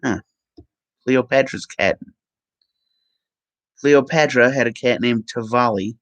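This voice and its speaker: A man vlogging and reading aloud from the screen, halting with ums and self-corrections. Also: medium pitch, no echo, rough recording. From Minnesota. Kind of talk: reading aloud from web pages.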